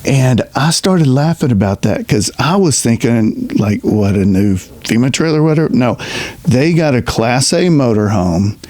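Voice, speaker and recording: A middle-aged man, a retired veterans' representative, speaking earnestly in a halting personal monologue full of restarts. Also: mid-range voice, animated, a little mellow, no echo. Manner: earnest, halting storyteller with many restarts and fillers.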